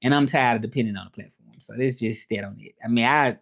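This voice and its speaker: A man with a Southern US accent chatting casually on his livestream, relaxed and talkative, repeating phrases and slipping in some French. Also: mid-range voice, fast, creaky. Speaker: interpreter and livestream host.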